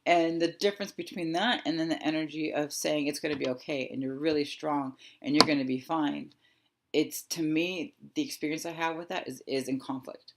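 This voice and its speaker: A woman in her thirties giving a guided reflective talk as a wellness coach, speaking softly and slowly with thoughtful pauses. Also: low-pitched. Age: 30s. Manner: soft, slow and reflective, with pauses.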